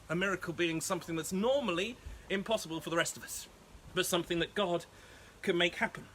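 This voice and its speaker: A man preaching as a pastor, telling a Bible story in a playful, animated way with frequent laughs. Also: sits high, slight background noise. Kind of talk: lively Bible storytelling sermon.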